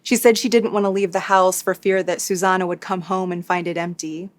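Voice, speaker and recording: A woman hosting a true crime recap, reading a scripted narration in a steady, matter-of-fact way with dry asides. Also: on the low side, a little fast. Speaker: true crime YouTuber host.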